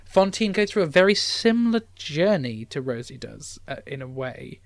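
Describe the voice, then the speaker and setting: A man's voice: a little high, sing-song, creaky, no room sound. Chatty young man with a dry sound. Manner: chatty, halting with frequent restarts. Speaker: podcast co-host. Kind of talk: casual film discussion.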